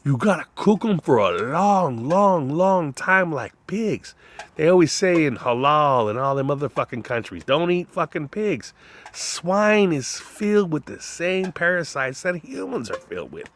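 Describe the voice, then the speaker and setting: A man in a rambling, profane monologue whose voice swings between loud outbursts and low mutters. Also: very animated, measured pace.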